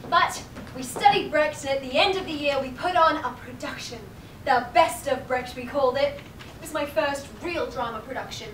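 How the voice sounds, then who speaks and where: A young woman plays a self-serious girl who wants to write plays, tossing out dry, sarcastic asides in a fairly high voice. The sound comes from a camera far back in an echoey theatre. A steady noise runs underneath. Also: normal speed. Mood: wry. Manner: wry, sarcastic asides to the audience. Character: earnest young female aspiring playwright, self-serious. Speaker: stage actor. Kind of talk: live amateur stage play. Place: small theatre stage. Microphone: far camera in audience.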